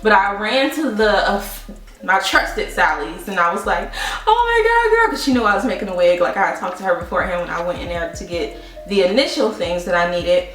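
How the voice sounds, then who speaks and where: A chatty young woman beauty vlogger speaks briskly in a lowish voice, telling animated stories with laughs and calling her viewers "you guys" in a casual product review. The room is echoey, the mic distant, and faint music plays underneath.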